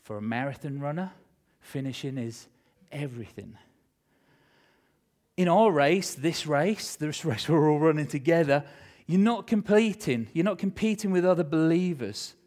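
Middle-aged guy preaching, tells his story all worked up, loud then quiet, voice a bit high. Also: moderate pace. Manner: animated, emotional storyteller swinging between loud and hushed. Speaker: pastor. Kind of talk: sermon with personal storytelling.

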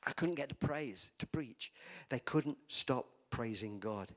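A man's voice: medium pitch, lively intonation, a little slow. A man preaching a sermon in a church, emphatic and calling for amens from the congregation. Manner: emphatic, call-and-response preaching.

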